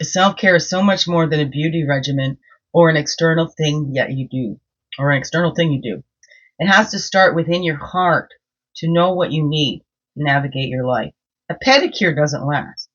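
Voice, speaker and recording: A woman's voice: low voice, fairly bright tone. A woman and medicine woman giving a casual daily card reading, chatty, sing-song and openly emotional. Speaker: spiritual guide and medicine woman. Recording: dull lo-fi sound.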